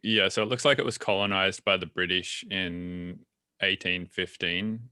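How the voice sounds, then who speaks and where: Low, bright-voiced man chatting. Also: fairly even intonation, clear, resonant tone, no echo, clean studio sound. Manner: loose and swearing, halting with fillers. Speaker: podcast host. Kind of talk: casual chat.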